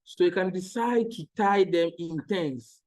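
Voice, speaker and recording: A man's voice: sits high, unhurried, a little mellow, low-quality recording. A man teaching maths in an online lesson, patiently repeating each step and checking that the students follow.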